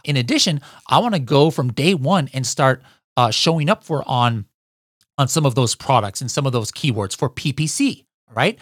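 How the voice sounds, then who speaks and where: A man hosting a podcast, giving an energetic how-to talk to listeners he keeps calling guys. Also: medium pitch, moderate pace, dry recording, clean studio sound. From United States. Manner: energetic, addresses listeners as guys, frequent "all right?". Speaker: podcast host.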